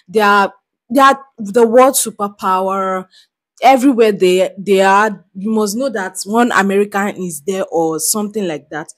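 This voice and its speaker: A Nigerian woman hosting her own channel, chatting casually with frequent restarts and giggles. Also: mid-range voice. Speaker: reaction vlogger. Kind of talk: casual reaction commentary.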